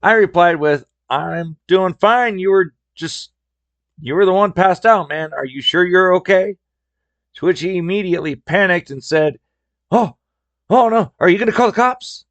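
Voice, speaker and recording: A man with a gravelly, slightly fried voice tells stories in a relaxed, wry podcast style. His pitch sits at an ordinary middle level for a man. The recording is dry and close, with no room sound. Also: no room sound, lo-fi sound. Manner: wry, conversational. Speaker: podcast host. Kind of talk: casual storytelling.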